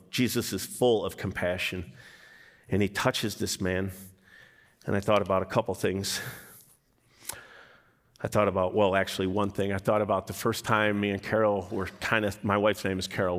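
Brief: male pastor, lively sermon delivery with acted-out quotes, echoing church sanctuary. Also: lowish voice. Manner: animated, acts out quotes in character voices.

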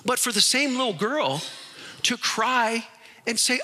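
A man preaching a sermon, animated and acting out the voices in his stories. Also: extremely high pitch, unhurried, long reverb tail, slight background noise. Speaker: pastor.

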